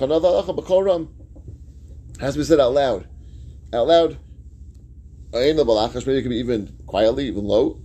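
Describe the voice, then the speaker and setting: Gravelly man teaching a Talmud text. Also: mid-range voice, dark tone. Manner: reads phrases of the text, then paraphrases and explains them. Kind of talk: explaining Talmud text line by line.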